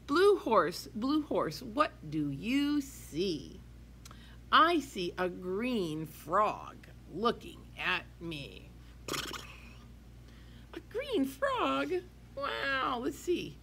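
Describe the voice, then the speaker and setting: A woman teacher reads a picture book aloud to small children, her voice swooping high and low in a lively sing-song. She takes her time over each line and drops into hushed whispers for asides. Faint noise sits behind her. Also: drawn-out words. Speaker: preschool teacher.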